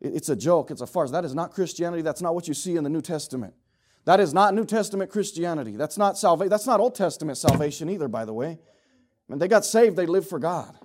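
Preaching at an animated, fast clip, this middle-aged man swings from booming, urgent appeals to low-voiced jokes shared with his congregation.

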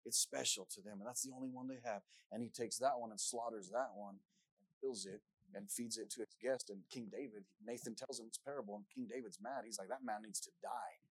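A man's voice: mid-range voice, fairly even intonation, brisk, husky, no echo, rough recording. Earnest male preacher, dry close sound. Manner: earnest, repeats words, rises loud when reading scripture. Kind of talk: sermon.

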